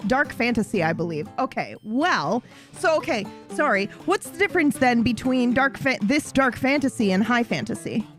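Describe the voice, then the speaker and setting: A woman's voice: fairly high pitch, moderate pace, faint music behind. A woman streamer chatting casually and with feeling, swearing and wandering into asides. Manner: animated, swears, rambles with asides. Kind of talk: casual chat.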